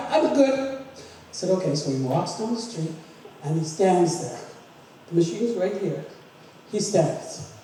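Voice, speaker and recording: A woman's voice: mid-range voice, dark tone, slight background noise. Chatty storytelling woman in an echoey hall. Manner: chatty storyteller who laughs through her lines. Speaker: family member giving a tribute speech. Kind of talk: humorous anecdote at a memorial celebration. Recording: echoey hall recorded from far off.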